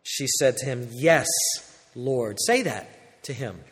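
A pastor preaching a sermon, shifting between loud, urgent exhortation and quiet, intimate passages. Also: male voice, mid-range voice, animated, slow, in a large hall.

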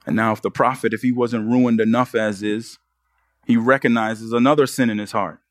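A man's voice: medium pitch, steady tone, normal speed, dry recording, clean studio sound. A man preaching a sermon as pastor, pressing the congregation with earnest rhetorical questions.

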